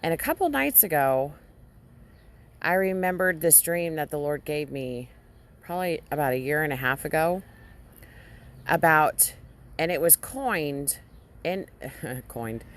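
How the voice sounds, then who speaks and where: Low voiced woman, real slow, keeps stopping and restarting while she tells her dream. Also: expressive. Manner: halting, with frequent restarts and fillers. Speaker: Christian vlogger. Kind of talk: casual dream retelling.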